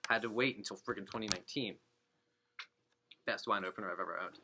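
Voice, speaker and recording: A lowish, quick-paced voice comes from a district manager giving his sales team a motivational talk in a meeting room with an audience, with background noise audible. He's an animated storyteller, acting out quotes and telling jokes.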